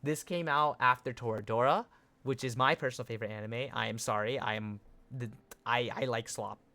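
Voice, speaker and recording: A young man hosting a casual live stream, chatting excitedly with viewers, swearing and laughing as he reacts to chat. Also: mid-range voice, fairly quick, dry recording. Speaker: livestream host.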